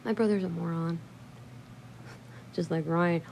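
A woman's voice: lowish voice, slow, gravelly, a little hiss or hum. A woman hosting a podcast, telling stories in a casual chat, blunt and profane, laughing often and acting out quotes. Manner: acts out quotes with lively voices. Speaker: podcast host.

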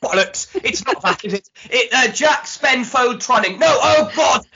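A man putting on a posh, flustered voice as an impression of his co-host, loudly tripping over his own words on a lo-fi podcast recording. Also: extremely high pitch, lively intonation, a little slow, creaky, slight background noise, pitched above the performer's own voice, heavily acted. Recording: dull lo-fi podcast audio.

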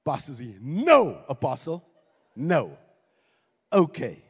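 A man preaching a sermon as pastor, animated, with repeated phrases and acted-out quotes. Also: fairly high pitch, takes it slowly, gravelly, breathy edge, in a large hall.

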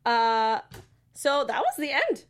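A woman with a slightly high voice co-hosts a casual TV recap. She laughs often and keeps breaking into quick impressions of her own reactions. The talk is loose and chatty. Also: huge pitch swings. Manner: giggly, quotes herself in quick asides. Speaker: co-host.

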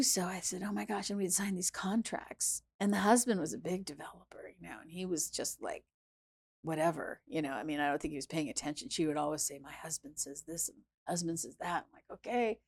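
Animated woman telling a story. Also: on the low side, brisk. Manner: animated, acts out quoted voices, swings between hushed and loud. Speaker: chef and restaurant founder, guest. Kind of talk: casual interview storytelling.

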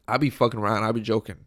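A young man hosting his podcast alone, hoarse from a cold, joking crudely and rambling in casual chat into a close microphone. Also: lowish voice, a bit bright, a little hiss or hum. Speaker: podcast host. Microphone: studio microphone, close.

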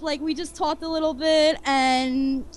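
A young woman telling an excited fan story in a casual chat, gushing and quoting herself. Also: sits high, measured pace, a little hiss or hum. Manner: gushing fangirl, squeals when quoting herself. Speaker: guest on a fan podcast.

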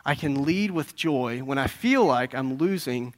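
A middle-aged man preaching a sermon in an earnest, conversational way, often checking in with the congregation and rising into louder, higher emphasis. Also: expressive, a little slow. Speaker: pastor.

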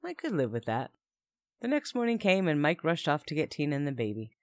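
A woman's voice: deep voice, big pitch swings, fairly quick, no echo, studio quality. A young woman narrating a first-person story in a chatty tone with wry asides.

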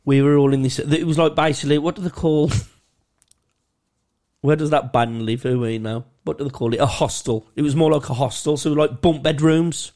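A man spins a rambling, sweary anecdote for his co-hosts, laughing as he goes. His voice sits slightly high for a man. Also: moderate pace, a little mellow. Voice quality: swears a lot, laughs while telling stories. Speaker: podcast co-host. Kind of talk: casual banter, telling a story.

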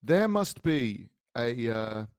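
Teasing podcast man with a very lively pitch. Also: slow, clear, resonant tone, dry recording, studio quality. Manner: teasing, incredulous, playful. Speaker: podcast co-host. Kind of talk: casual comedic chat.

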